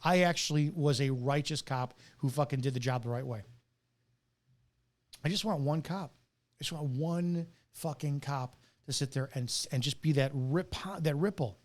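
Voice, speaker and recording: A middle-aged man, a retired police officer, delivering a bitter, profane, preachy rant with hard stressed words. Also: fairly high pitch. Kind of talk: ranting monologue to camera.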